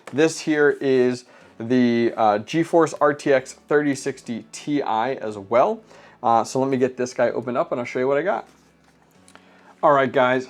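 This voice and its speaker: A man hosting a casual unboxing vlog, chatting and explaining hardware step by step with frequent fillers. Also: medium pitch. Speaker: crypto mining channel host.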